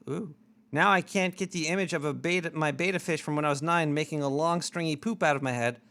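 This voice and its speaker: A man's voice: a little high, a little fast, fairly bright tone, smooth. A man hosting a casual talk show, rambling loosely and swearing, a bit drunk. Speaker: show host. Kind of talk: casual radio-show chat.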